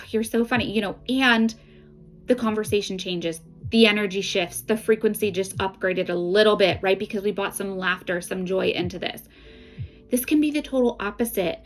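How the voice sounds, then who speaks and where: A woman's voice: medium pitch, rough recording. A middle-aged woman, an intuitive card reader, talking in a casual, earnest way and often checking in with "right?" and "okay?". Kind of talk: casual spiritual guidance talk.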